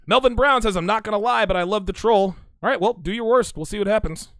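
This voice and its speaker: A man talks through a casual livestream, reading out chat messages and firing back blunt, teasing replies. His voice sits a little high for a man. The sound is close and dry, with no room around it. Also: fast talker, a bit bright, dry recording. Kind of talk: casual live-stream commentary.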